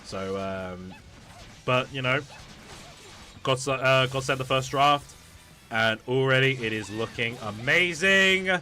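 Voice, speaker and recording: Bright-voiced man rambling over a game. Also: mid-range voice, expressive, slow pace, pauses often, soft background music. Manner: rambling, many fillers and restarts, laughs often. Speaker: streamer. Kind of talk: casual game stream commentary.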